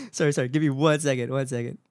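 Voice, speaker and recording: A woman's voice: a bass voice, fairly even intonation, very fast, darkish tone, clean tone, no room sound, studio quality. A woman streamer chatting live with her viewers, giggly and flustered, often repeating herself in a cutesy, playful way. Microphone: desk microphone.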